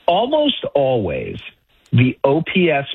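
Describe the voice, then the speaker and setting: On a sports radio show, a male guest talks baseball in a self-deprecating way, packing in statistics and restarting his sentences often. His medium-pitched voice swings hugely in pitch at a slow pace, sounding slightly rough, with phone-quality audio and no room sound.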